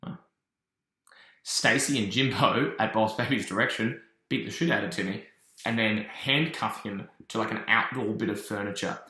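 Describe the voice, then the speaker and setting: A man casually recapping and reviewing a cartoon episode, telling it as an animated story with quick asides. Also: fairly low pitch, roomy sound.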